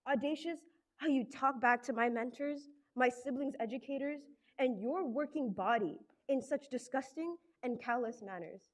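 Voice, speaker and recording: A woman's voice: high-pitched, normal speed. A teenage girl giving an indignant, accusing public comment to a school board. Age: teens. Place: school board meeting room.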